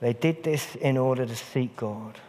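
A man's voice: medium pitch, unhurried, warm tone. A man preaching a sermon in a church, earnest and repeating phrases for emphasis. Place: church hall. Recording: long church reverb.

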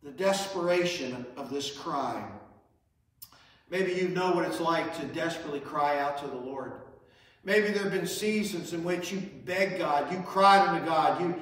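A man's voice: fairly high pitch, normal speed, fairly bright tone, heavy reverb, recorded from a distance, rough recording. A man preaching a sermon as pastor, his emphasis rising and falling. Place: church sanctuary.

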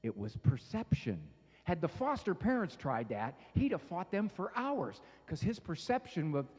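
A man giving a humorous parenting talk to an audience, telling stories with lively voices. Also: high voice, moderate pace, husky, long reverb tail. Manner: animated storytelling, acts out voices. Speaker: speaker on parenting.

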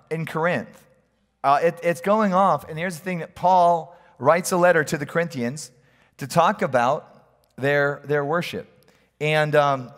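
A man's voice: fairly high pitch, a bit bright. A middle-aged male pastor preaching a sermon in a church, telling stories in a conversational, humorous way. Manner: storytelling, conversational, humorous asides. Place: church hall. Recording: long hall reverb.

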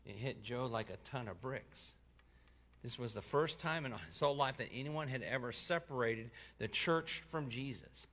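A man preaching, telling a testimony in the first person and voicing the people in it, going quiet for the sad parts. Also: medium pitch, normal speed. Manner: voices the people in the story, dropping soft for sad parts and lifting for excited ones. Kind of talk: sermon storytelling, reading a testimony aloud.

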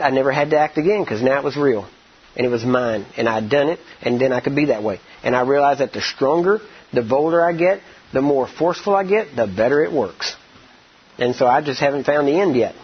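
A man teaching a ministry training session in a sermon style, telling stories in an animated, colloquial way and often repeating words. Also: a little high, husky. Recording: dull lo-fi audio.

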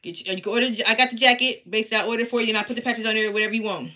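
A woman's voice: on the high side, steady tone, very fast, hardly any pauses, pushed and bright. A woman chatting casually on a live stream from her basement, talking straight to her viewers as she shows off her embroidered patches. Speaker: craft seller and teacher. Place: home basement.

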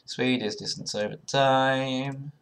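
A young video creator takes an online quiz and comments casually, thinking aloud and muttering guesses. His mid-range voice is steady, slow and smooth, but he's sarcastic, swears often and breaks into sudden loud outbursts.

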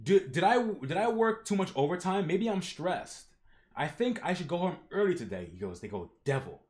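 Animated young man reading comics aloud. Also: high-pitched, moderate pace. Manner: animated, slangy, reads character lines in voices. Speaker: reaction streamer. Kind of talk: reading a webtoon aloud with reactions.

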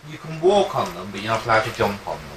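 A man chatting while playing a video game, teasing his friend with deadpan dark jokes. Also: lowish voice, fast, a little hiss or hum, poor audio. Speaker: gamer. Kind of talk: casual gaming chat.

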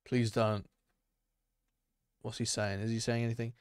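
Young man, excitable gaming streamer, chatty, dry close mic. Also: mid-range voice, measured pace, smooth, no echo. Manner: excitable, chatty, addresses chat and viewers. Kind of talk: live gameplay commentary.

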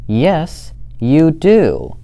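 Student putting on Big Fluffy Bear, bossy. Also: male voice, a little high, expressive, slow, pitched above the performer's own voice. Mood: shouting. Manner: insistent, rising to shouts in an argument. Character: female bear, fluffy, bossy but kind. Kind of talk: storybook character voice.

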